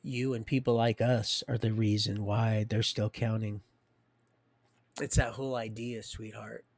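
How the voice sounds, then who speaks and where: A man's voice: fairly low pitch, little pitch movement, unhurried, no room sound. A man hosting a livestream, rambling and preachy, talking straight to his viewers. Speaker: livestream host.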